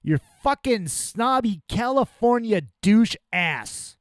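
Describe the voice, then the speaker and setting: A man's voice: high voice, lively intonation, takes it slowly, dry recording, clean studio sound. Profane, exasperated man ranting on a podcast. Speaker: podcast host.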